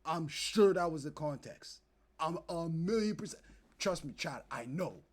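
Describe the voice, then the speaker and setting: A young man streaming, ranting to his chat in animated, profane commentary and acting out the people he talks about. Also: a little high, a little slow. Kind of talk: casual commentary to live chat.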